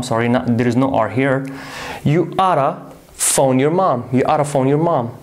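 A man giving an online English lesson, repeating example phrases slowly and carefully and now and then correcting himself. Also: mid-range voice, expressive. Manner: corrects himself mid-sentence. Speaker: English teacher.

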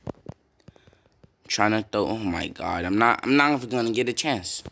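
A young man casually commenting on his own football video game, swearing and breaking into loud yells at big plays. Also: lowish voice, expressive, moderate pace, gravelly, slight background noise. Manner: reactive, swears often, bursts into loud yells.

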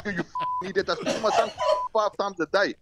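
A man yelling down a noisy phone line, his voice pushed very high as he shouts and swears. He fires off angry demands over and over without letting up. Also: fairly even intonation, quick pace. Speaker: prank call victim, a father. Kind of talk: phone call on radio.

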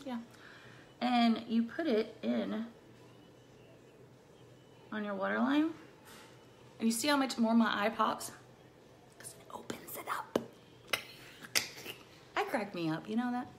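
A woman's voice: on the high side, gravelly, fairly bright tone, slight background noise. A middle-aged woman chatting casually through a makeup tutorial, bubbly and playful, with silly rhyming words. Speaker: makeup vlogger.

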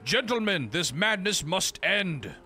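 A man putting on a stern, pompous train worker who declaims with stiff formality, pitched somewhat above his usual voice. Bright and lively, with faint game music behind. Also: unhurried, full character voice.

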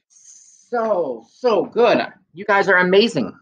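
A playful young man teaching music to small children, his voice leaping up and down with lots of expression. He talks slowly and carefully, as if filming himself on a handheld phone. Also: high voice, sing-song, fairly bright tone. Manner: playful, singing simple children's songs. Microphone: handheld phone camera.

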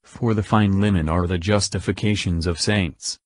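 A man reciting scripture in a slow, measured, solemn narration. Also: low voice, steady tone, no room sound. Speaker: Bible reader.

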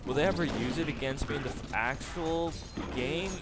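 A man in the middle of his own gameplay commentary, sarcastic and swearing freely as he complains. His voice sits at an ordinary pitch for a man. Loud game sounds and gunfire noise stay under his talk the whole time. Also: racing. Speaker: gamer commentator. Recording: game audio noise behind.

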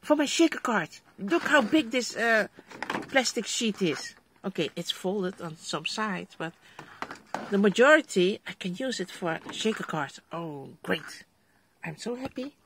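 A woman's voice: mid-range voice, lively intonation, a little slow, noisy background. A middle-aged Dutch woman with a Dutch accent, chatting casually to viewers as she unboxes a crafting haul at her desk and exclaims over each item. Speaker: vlogger.

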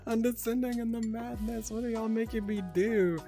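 A woman's voice: on the high side, steady tone, normal speed, warm tone, soft background music. A woman streamer reading out chat messages in casual talk, giggling, flustered and swearing a lot, often stuttering.

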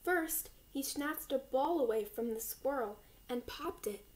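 A young woman, a volunteer reader, calmly reading a children's picture book aloud. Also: high voice, unhurried, rough recording.

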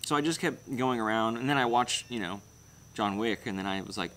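A mid-range, slightly bright male voice speaks a little fast. It belongs to a young man hosting his channel who chats casually through viewer comments on a livestream, rambling, blunt and swearing freely.

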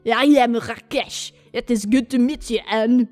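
Eccentric young artist voiced by a woman, hammy put-on French accent, slow delivery. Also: on the high side, darkish tone, faint music behind, lightly acted. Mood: theatrical. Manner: slow, stiff, theatrical. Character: eccentric young male art student.

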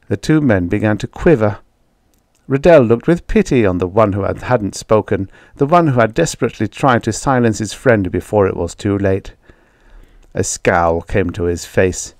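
Brief: male audiobook narrator, slightly low voice, measured delivery, dry close mic. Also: dry recording. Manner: measured, even storytelling. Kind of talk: scripted story narration.

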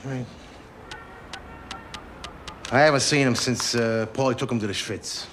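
A man's voice: mid-range voice, steady tone, measured pace, a bit bright, soft background music, natural voice. A man playing a nervous mob associate. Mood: anxious. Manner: anxious, placating.

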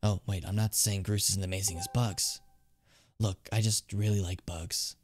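A man voicing a shy, eager young man obsessed with collecting bugs, reading game dialogue aloud in a low, confiding tone. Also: steady tone, moderate pace, soft background music, lightly acted.

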